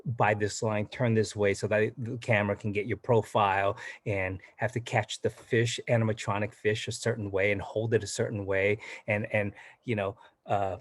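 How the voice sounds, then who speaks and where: A middle-aged man from southern Vietnam talks through his acting work in a loose, rambling interview style, full of fillers and restarts. His voice sits low and husky. The sound is dry and close. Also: flat delivery, moderate pace, hardly any pauses, no room sound. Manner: chatty, many fillers and restarts. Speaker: actor guest. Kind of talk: casual interview chat.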